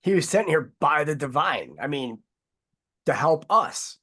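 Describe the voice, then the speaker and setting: Guy hosting an online talk show, kinda high voice, rambly and worked up, swears a lot. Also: lively intonation, a little slow, bright, forceful tone, slightly rough. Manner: rambling, heated, swears freely. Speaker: host.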